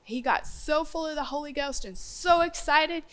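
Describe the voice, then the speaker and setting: A woman teaching a children's Bible lesson, asking the class lively questions. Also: high-pitched, normal speed. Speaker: homeschool teacher.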